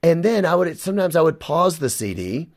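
A man's voice: a little high, very animated, fairly quick, no echo. Guy sharing his faith story, earnest and emotional, dry studio sound. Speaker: guest. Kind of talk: personal testimony in a radio interview.

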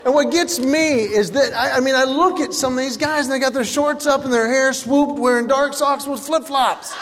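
A high-voiced male comedian telling stories in an animated, exaggerated way. His voice rings through a big hall with long reverb and faint background noise. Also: normal speed, crowd noise. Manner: animated, exaggerated, playing for laughs. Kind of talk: stand-up storytelling.

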